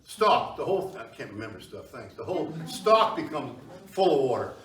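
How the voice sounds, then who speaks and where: Recorded from a distance by a tripod camera in an echoey meeting hall, this history lecturer chats with his audience and frequently asks them questions. He speaks at a moderate pace in a sing-song, mid-range voice with a fairly bright tone.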